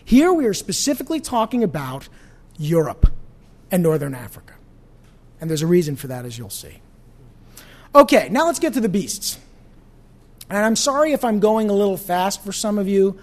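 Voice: medium pitch, sing-song, normal speed, long pauses. A pastor teaching an evening Bible study in a conversational way, often asking the audience questions.

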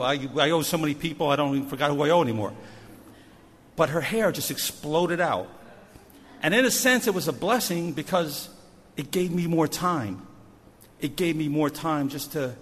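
A missions pastor, a man, tells a story from the pulpit with animated energy, now loud, now soft. His voice carries a long church-hall reverb. A faint hum of the room sits underneath. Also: fairly high pitch. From New Jersey. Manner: animated storytelling with shifting loudness. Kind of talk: sermon story. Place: church sanctuary.

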